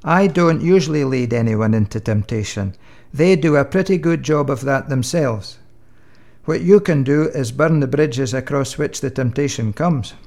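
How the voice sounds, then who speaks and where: A man playing God as a patient, fatherly deity in a comic sketch, dry and gently joking. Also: mid-range voice, normal speed, lightly acted. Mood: reasoning.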